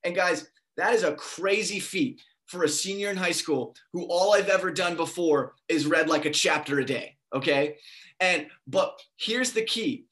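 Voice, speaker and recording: Lively young man preaching with a story. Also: high voice, moderate pace. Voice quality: lively storyteller, acts out dialogue in his story. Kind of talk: sermon with personal story.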